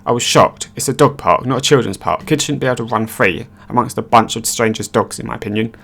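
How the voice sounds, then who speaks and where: A man giving scripted narration of online stories in a brisk, matter-of-fact reading voice. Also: mid-range voice, vocal fry, a bit bright.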